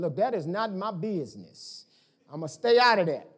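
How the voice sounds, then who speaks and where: A male pastor preaching a conversational sermon, with sudden rises and drops in loudness as he makes his points. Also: normal speed. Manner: conversational preaching with lively swings in pitch and volume.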